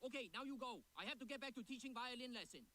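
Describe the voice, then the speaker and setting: An actor playing a strict, harsh violin teacher who scolds in clipped, broken English. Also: male voice, extremely high pitch, lively intonation, fast talker, sharp tone, exaggerated voice. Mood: scolding.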